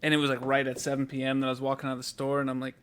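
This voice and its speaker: A man's voice: mid-range voice, monotone, very fast, fairly bright tone, smooth. A man co-hosting a podcast, telling a story in casual chat, acting out the people he quotes and swearing freely. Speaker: podcast co-host.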